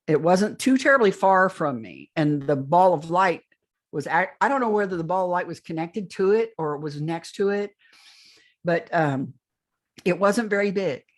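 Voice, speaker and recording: An older woman, a podcast interview guest, telling a long first-person account of a strange experience, rambling and often restarting her phrases. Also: fairly low pitch.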